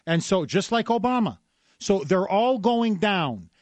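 A man's voice: sits high, expressive, a little slow, no room sound. A man hosting a talk radio show, delivering an emphatic, combative monologue with lots of repetition. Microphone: studio microphone.

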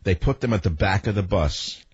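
A man's voice: low voice, normal speed, husky, no room sound, lo-fi sound. A man hosting a political talk radio show, delivering a combative, ranting monologue full of rhetorical questions. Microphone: studio microphone.

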